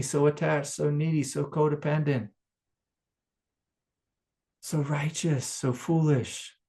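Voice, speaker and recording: Speaking at a medium pitch, a man delivers a satsang as a spiritual teacher. His talk moves from passionate eruptions to quiet prayer, with frequent laughter along the way.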